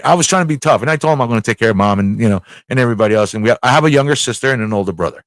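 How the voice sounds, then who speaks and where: A man's voice: medium pitch, lively intonation, rapid-fire, hardly any pauses, no room sound. A man hosting a casual live talk show, rambling, swearing freely and repeating himself as he tells a story. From United States. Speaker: show host.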